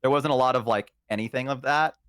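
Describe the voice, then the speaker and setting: A man's voice: mid-range voice, fast, a bit bright, smooth, dry recording. A man chatting casually on a live stream, rambling with many ums and uhs into a close microphone. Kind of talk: casual chat.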